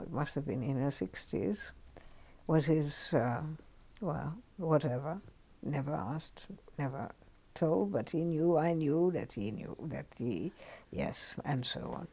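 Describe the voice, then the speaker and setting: Older woman with a low, gravelly voice. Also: takes it slowly. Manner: anecdotal, lively, drops to a near-whisper on asides. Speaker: interviewee recounting her career as a journalist. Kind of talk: oral history interview.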